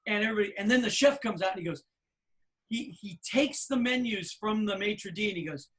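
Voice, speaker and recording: A middle-aged man telling a long anecdote on a podcast, acting out the people he quotes in loud, animated voices. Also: sits high, a little fast. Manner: animated storyteller, acts out quoted people loudly. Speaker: podcast co-host. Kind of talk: casual storytelling.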